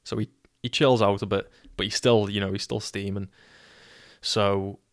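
A man's voice: lowish voice, fairly even intonation, moderate pace, dry recording, clean studio sound. A young man with a Scouse accent telling a rambling, wry, swear-heavy anecdote. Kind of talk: casual storytelling.

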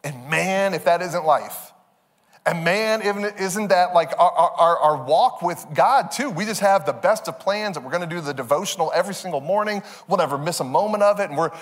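A pastor in his thirties tells a story in an animated, self-mocking way. His voice is fairly high for a man. It rings with the long reverb of a large church sanctuary. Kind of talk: sermon.

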